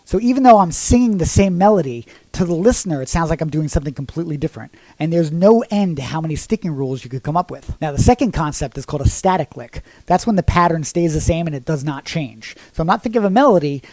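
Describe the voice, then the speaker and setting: A man teaching drums in casual instructional talk, explaining step by step and singing rhythms out loud. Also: a little high, animated, quick pace, hardly any pauses, no room sound. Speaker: drum teacher.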